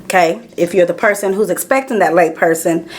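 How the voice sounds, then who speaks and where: A woman's voice: fairly low pitch, brisk. A woman co-hosting a podcast, chatting casually with frequent ums and giggles. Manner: chatty, giggly, repeats filler words. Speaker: podcast co-host.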